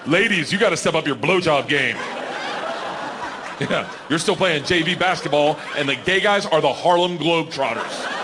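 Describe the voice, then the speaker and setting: A man doing a loud, excitable stand-up comedy set on stage, his storytelling often rising toward a shout. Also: fairly high pitch, moderate pace. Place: comedy stage before a laughing audience. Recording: live show with loud crowd laughter and noise. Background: crowd laughter.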